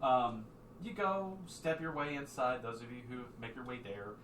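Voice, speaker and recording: A man narrating a tabletop game as game master, relaxed with many fillers. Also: mid-range voice, moderate pace, a little hiss or hum. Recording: echoey room, distant mic.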